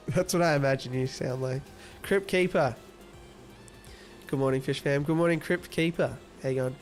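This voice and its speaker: A man's voice: a little high, expressive, normal speed, faint music behind. An Australian man hosting a casual livestream, reading viewer comments aloud and teasing them playfully. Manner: playful, teasing, laughs often. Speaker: livestream host.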